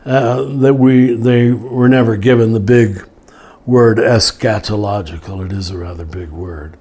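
An older man, a Catholic teacher and author, explaining ideas slowly and reflectively, often restarting and listing words. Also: medium pitch, fairly even intonation, dark tone, breathy edge. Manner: slow, reflective, with frequent restarts and lists. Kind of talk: relaxed spoken teaching in conversation.

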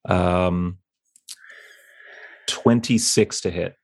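A man's voice: low voice, fairly even intonation, drawn-out words, dry recording, clean studio sound. A man playing a tabletop game, speaking in an easygoing way and laughing easily. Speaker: player. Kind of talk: casual game play.

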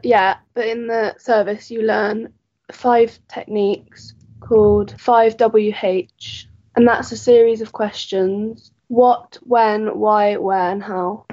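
Slow-spoken British woman, dull sound. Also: mid-range voice, fairly even intonation, mellow. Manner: brief, measured replies. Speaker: guest relaying her father's answers. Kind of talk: interview answers.

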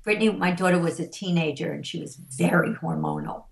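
A woman's voice: on the low side, lively intonation, gravelly. Emphatic storytelling woman in a roomy space. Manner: slow, emphatic, acts out the voices in her stories. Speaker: parenting and stress coach. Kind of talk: interview storytelling.

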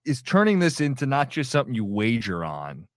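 A man's voice: mid-range voice, huge pitch swings, a little fast, dry recording, studio quality. A man co-hosting a podcast, talking casually and searching for words with many fillers. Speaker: podcast co-host. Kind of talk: casual chat.

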